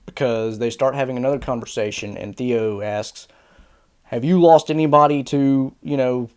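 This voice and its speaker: A man reviewing a fantasy series casually on video, animated and exasperated, with sarcastic asides. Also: on the high side.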